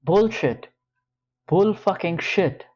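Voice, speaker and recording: A man reading an audiobook, voicing a volatile, abusive grown man who snarls and shouts profanities. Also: a little high, takes it slowly, dull audio. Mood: furious.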